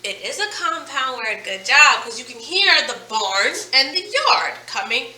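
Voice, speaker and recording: A woman teacher leads a phonics lesson, drawing words out slowly and praising often. Her voice is high and very bright. She sounds distant from the mic in an echoey classroom. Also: big pitch swings. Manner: slow, stretched-out word modeling with encouraging praise. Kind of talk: phonics lesson to young students.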